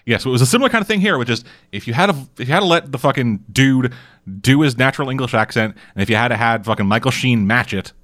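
A man's voice: medium pitch, animated, quick pace, a bit bright, no echo. Profane man recapping a show, dry sound. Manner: profane, rambling storyteller. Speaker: podcast co-host. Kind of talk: casual chat recapping a TV show.

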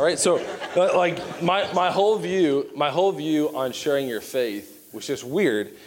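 A young man from Virginia giving an animated, self-mocking sermon full of storytelling. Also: a little high, moderate pace, few pauses. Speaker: pastor.

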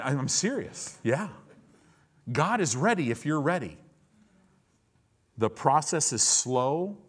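Male pastor, earnest sermon delivery, quiet to fervent. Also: medium pitch. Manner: earnest, building from quiet intimacy to loud fervor.

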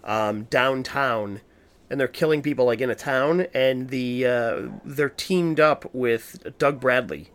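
A man's voice: medium pitch, takes it slowly, fairly bright tone. Profane, rambling man in casual chat. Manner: profane, emphatic, rambling with restarts. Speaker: podcast co-host. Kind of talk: casual horror movie chat.

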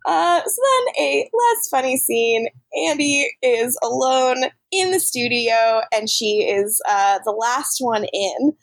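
A woman's voice: a little high, animated, slow pace, few pauses, no echo. A woman co-hosting a podcast, recapping episodes in casual chat, laughing often and swearing freely. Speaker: podcast co-host.

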